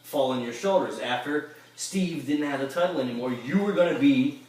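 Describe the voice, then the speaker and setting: A man's voice: medium pitch, normal speed, a little mellow. A man hosting a casual interview podcast, asking long, eager questions. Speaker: podcast host. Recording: echoey room, distant mic.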